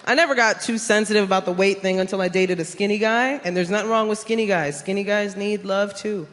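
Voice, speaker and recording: New woman doing stand-up, fast teasing punchlines, big crowd laughing loud. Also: mid-range voice, fairly even intonation. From South Bronx, New York. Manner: brash, teasing, quick punchlines with playful impressions. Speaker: stand-up comedian. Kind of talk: stand-up comedy on a talent show stage. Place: large theater stage with a live audience. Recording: stage mic with loud audience laughter.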